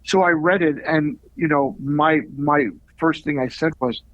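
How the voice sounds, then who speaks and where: A middle-aged man, an actor being interviewed, telling animated stories with quick asides. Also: a little high, no echo. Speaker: actor guest. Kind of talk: casual interview storytelling. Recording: dull lo-fi audio.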